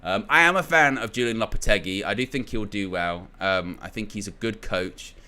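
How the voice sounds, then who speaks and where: A man's voice: fairly low pitch, moderate pace, bright, forceful tone, clean tone. A young man hosting a football channel, giving casual opinion commentary in a rambling way, restarting phrases often and leaning on filler words.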